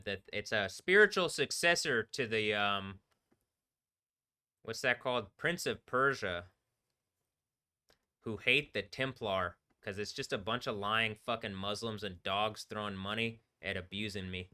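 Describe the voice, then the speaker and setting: A man's voice: lowish voice, a little slow, pushed and bright, clean tone. A man streaming alone, talking in a rambling, profane way and laughing between remarks. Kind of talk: rambling solo livestream talk. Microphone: computer microphone.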